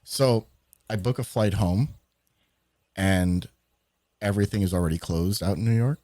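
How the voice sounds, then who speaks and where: A man telling animated stories during a casual livestream chat, swearing freely as he goes. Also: deep voice, measured pace, no echo.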